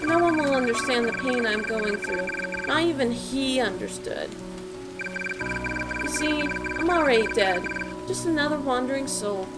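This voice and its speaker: A woman voicing Mario as a despairing young man, over loud game music. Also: high-pitched, expressive, a little slow, poor audio. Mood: gloomy. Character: despairing young man who feels unloved.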